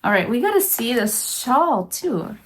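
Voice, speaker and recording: A woman's voice: a little high, big pitch swings, a little slow. A woman vlogging to camera as she unboxes a handmade gift, gushing and emotional, repeating her praise over and over. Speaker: crochet vlogger. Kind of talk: unboxing vlog, casual chat to camera.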